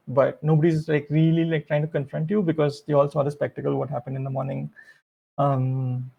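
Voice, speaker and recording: A game master narrating a tabletop superhero game in a casual, halting way full of fillers. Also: mid-range voice, flat delivery, vocal fry, warm tone, husky, rough recording.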